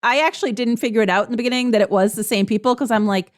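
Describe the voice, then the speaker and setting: A woman co-hosting a podcast, talking in an exasperated, excitable way. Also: fairly high pitch, very fast. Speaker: podcast co-host. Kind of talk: casual review chat.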